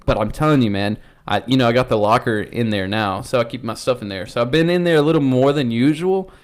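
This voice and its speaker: A man's voice: medium pitch, fast talker. A young man co-hosting a podcast, talking in crude casual banter, swearing and saying "dude" constantly. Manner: profane, animated, says "dude" constantly. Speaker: podcast co-host.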